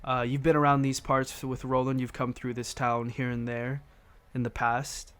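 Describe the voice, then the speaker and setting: A man narrating a tabletop game as game master, halting and correcting himself as he goes. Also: mid-range voice, level tone, a bit bright, clean tone.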